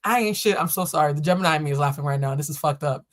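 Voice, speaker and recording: A woman's voice: deep voice, lively intonation, rapid-fire, few pauses, fairly bright tone. A woman hosting a live-stream tarot reading on a laptop setup, talking casually with viewers, laughing and joking and swearing freely. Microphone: laptop or camera setup.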